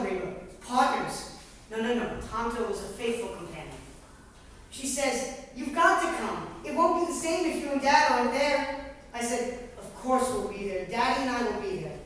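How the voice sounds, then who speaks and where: A man's voice: very high voice, expressive, moderate pace, fairly bright tone, slight background noise. A man performing a chatty middle-aged mother who gossips on the phone, in a stage monologue. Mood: gossipy. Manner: gossipy, exclamatory, talks straight to an unseen caller. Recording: echoey stage hall, distant mic.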